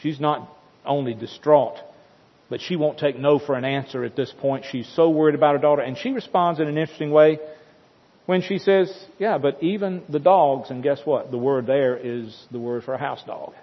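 Husky preacher man in an echoing hall. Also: mid-range voice, moderate pace. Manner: dramatic storytelling with emphatic repetition. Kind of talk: sermon. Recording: dull sound with long hall reverb.

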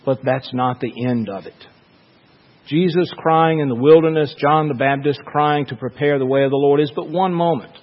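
A man preaching a sermon as a pastor, slow and measured, with dramatic pauses. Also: on the high side, big-room sound, muffled recording.

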